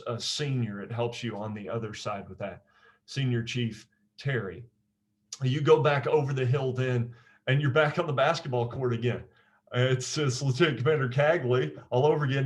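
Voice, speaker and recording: With a mid-range voice, a naval officer teaches a memory technique informally and conversationally, often repeating phrases and checking in with "right?".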